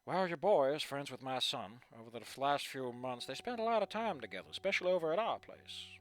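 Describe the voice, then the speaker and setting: A man's voice: mid-range voice, lively intonation, brisk, a bit bright, close to an everyday voice. A man reading a polite, curious dad. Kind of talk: reading a story aloud with voices.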